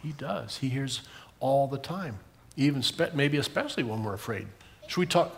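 Lively older man telling kids a Bible story. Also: mid-range voice, moderate pace, gravelly. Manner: animated storytelling, asking kids questions. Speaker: pastor giving a children's message. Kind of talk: children's sermon.

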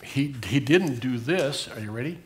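A man's voice: medium pitch, expressive, moderate pace. An older man giving a children's sermon, asking the kids questions as he tells the story. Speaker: pastor giving a children's message.

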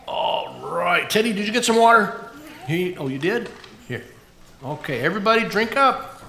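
A pastor giving a playful, animated children's sermon in a church. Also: medium pitch, normal speed, creaky, echoey room.

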